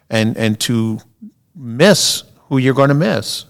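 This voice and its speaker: A man's voice: mid-range voice, lively intonation, slow, vocal fry. A middle-aged man, a pastor co-hosting a podcast, talking in an affirming way and sharing personal reflections. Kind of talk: casual podcast conversation.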